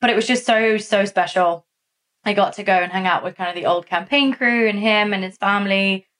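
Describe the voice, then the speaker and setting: A woman co-hosting a podcast from Massachusetts, telling stories in a casual, animated way with many fillers. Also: mid-range voice, a little fast. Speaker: podcast co-host. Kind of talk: casual chat.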